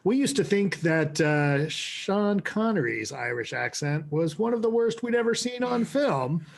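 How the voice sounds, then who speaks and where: A man's voice: high voice, very animated, unhurried, gravelly. A man hosting a film review podcast, opening the show in a joking, wry way. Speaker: podcast host. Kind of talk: show intro.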